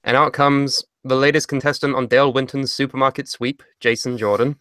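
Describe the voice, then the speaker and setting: A man's voice: mid-range voice, fairly even intonation, brisk, fairly bright tone, dry recording, studio quality. A man co-hosting a wrestling podcast, talking sarcastically and swearing freely. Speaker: podcast co-host. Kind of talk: casual wrestling podcast chat.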